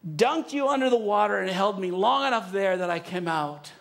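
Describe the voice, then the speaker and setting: A male pastor preaching a sermon in a church, leading his congregation through a recited passage with urgent, drawn-out emphasis. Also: sits high, animated, vocal fry, a bit bright. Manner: leads the congregation in a call-and-response recitation; emphatic, urging, drawn-out phrasing. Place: church sanctuary.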